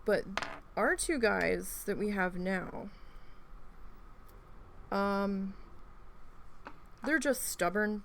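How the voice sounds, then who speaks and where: This gravelly, mid-range female voice belongs to a crafting video host with a bit of hiss or hum on the recording. Needle felting at home, she keeps up a casual, rambling chat full of stories, free swearing and acted-out reactions.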